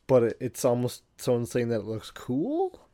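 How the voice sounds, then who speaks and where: A man's voice: medium pitch, wildly swooping pitch, moderate pace, warm tone. A man guesting on a podcast, chatting casually about cars and laughing along easily. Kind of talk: casual car chat.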